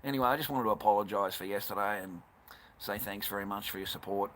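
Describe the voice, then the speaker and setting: A livestreamer chats casually, blunt and rambling, swearing constantly. He talks fast in a lowish, fairly bright voice over noisy background hiss.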